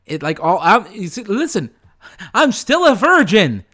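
A man's voice: sits high, big pitch swings, a little slow, pushed and bright, full character voice. A man doing an impression of a young British actor, putting on a British accent, giggling and flustered. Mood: smug. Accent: put-on British.

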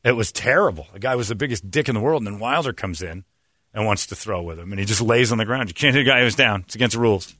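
A man's voice: lowish voice, lively intonation, fast talker, sharp tone, no echo, studio quality. A man in casual sports talk, ranting bluntly and acting out what others said. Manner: blunt, ranting, acts out quotes in put-on voices.

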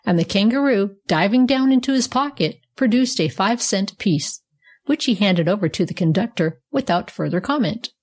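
A woman reading a children's storybook aloud with expressive narration. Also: medium pitch, normal speed. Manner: lively, expressive read-aloud.

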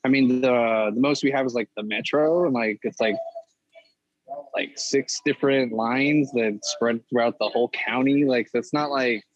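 A man's voice: mid-range voice, normal speed, no room sound, highs cut off. A young man from California, chatting casually as a podcast guest, telling stories animatedly and swearing as he acts out other people. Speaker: pin designer guest.

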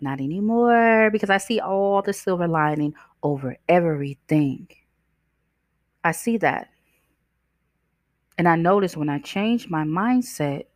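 Woman, self-help podcast host, low voice, dry close sound, chatty and preachy. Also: dry recording. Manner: conversational, preachy, asks the listener questions; acts out voices in her stories. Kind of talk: motivational self-help talk.

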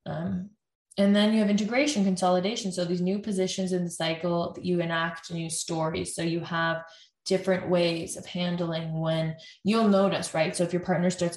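A woman's voice: lowish voice, level tone, a little mellow. Woman therapist in an echoey room. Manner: acts out couples' lines in quick quoted voices. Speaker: couples therapist. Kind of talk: explanatory talk. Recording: roomy echo.

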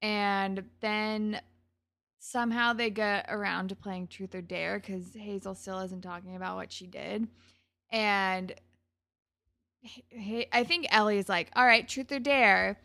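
A woman's voice: mid-range voice, steady tone, slow, vocal fry, fairly bright tone. A woman co-hosting a casual podcast, chatting and giggling as she recaps a TV episode. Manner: chatty, giggly, many "like" fillers. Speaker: podcast co-host.

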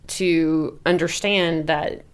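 A middle-aged woman speaks as a podcast guest in a slightly low voice. She tells stories candidly and with animation, keeping a casual, conversational tone. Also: steady tone, slow, clear, resonant tone. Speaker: guest, blogger. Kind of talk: casual interview storytelling.

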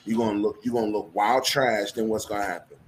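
A man's voice: lowish voice, quick pace, slight background noise, poor audio. A man talking in a casual podcast chat, candid and slangy, swearing freely.

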